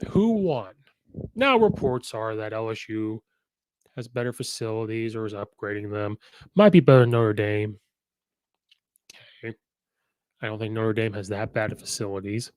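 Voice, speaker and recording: A man's voice: on the low side, moderate pace, long pauses, a little mellow, no echo, low-quality recording. A man hosting casual football commentary, chatty and opinionated, acting out quotes as he goes.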